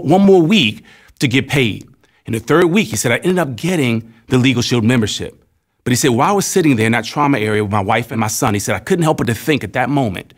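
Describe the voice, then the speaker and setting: A man in his thirties tells personal anecdotes in an earnest, steady manner. His voice sits at an ordinary middle pitch. He speaks as a spokesman in a promotional testimonial. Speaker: company spokesman.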